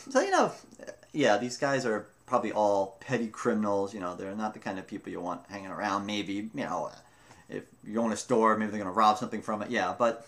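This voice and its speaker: Young guy talking to camera, rambly storytelling, keeps restarting sentences. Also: on the low side. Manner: rambling, self-interrupting, animated retelling. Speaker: vlogger telling a personal story. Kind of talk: casual first-person storytelling.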